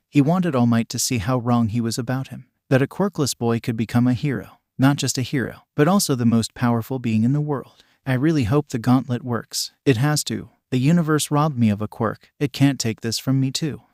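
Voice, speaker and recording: A man at a middle pitch reading a fan fiction story aloud. His delivery is even and steady, and the recording is dry and close to the mic. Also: no room sound. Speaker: narrator.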